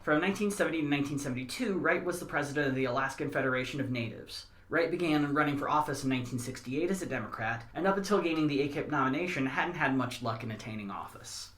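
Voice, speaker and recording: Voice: medium pitch, animated, fast talker, few pauses, fairly bright tone, reverberant. A podcast host reading a history segment, breaking into wry, joking asides. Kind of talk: scripted history narration mixed with casual chat.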